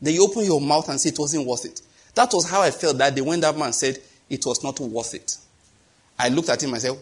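A man's voice: a little high, brisk, breathy edge. A middle-aged man with a Nigerian accent preaching a sermon, telling stories, acting out the dialogue and laughing at his own jokes. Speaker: pastor.

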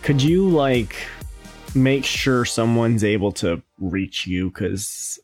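A man's voice: mid-range voice, expressive, takes it slowly, faint music behind. A man co-hosting a podcast in casual chat, with dry, sarcastic humor. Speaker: podcast co-host.

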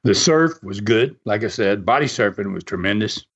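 Rambling man, lively voice. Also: on the low side, normal speed, breathy edge. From United States. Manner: animated, rambling, chuckles often, many fillers. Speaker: storyteller. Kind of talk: casual spoken anecdote. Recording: muffled lo-fi recording.

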